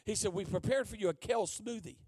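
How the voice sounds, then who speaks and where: A man preaching a sermon as guest preacher, telling a comic story and swinging from hushed asides to shouting. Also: high-pitched, fast, breathy edge, no echo.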